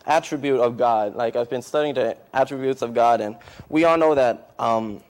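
The speaker, a missionary at a church service, delivers an emotional testimony and begins a sermon, his words halting and full of fillers and restarts. His pitch is medium and his tone darkish.

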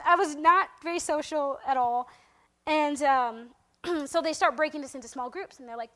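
A young woman casually telling a personal faith story to a group, acting out what people said with lively, laughing asides. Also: high voice, moderate pace. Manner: animated, acts out quotes in a raised voice, laughs often. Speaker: speaker sharing a testimony.

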